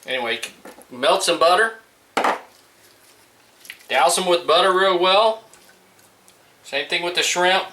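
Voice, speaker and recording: Here a high-pitched man speaks slowly and pauses often while grilling in his backyard. He's a middle-aged home cook vlogger from the Gulf Coast, relaxed and talkative as he addresses viewers mid-cook in this casual vlog. The recording is distant and roomy with a little background noise.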